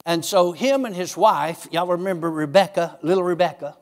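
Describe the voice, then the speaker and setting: A man preaching a sermon, telling stories and acting out his own dialogue with God in a raised, lively voice. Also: sits high, normal speed, long reverb tail. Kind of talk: sermon with storytelling.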